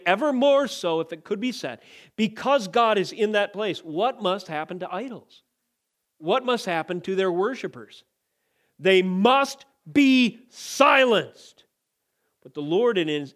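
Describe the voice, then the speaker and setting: A man delivers a sermon in a fairly high voice for a man. He preaches with emphatic force, rising to loud declarations before sinking back to quiet, measured explanation. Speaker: pastor.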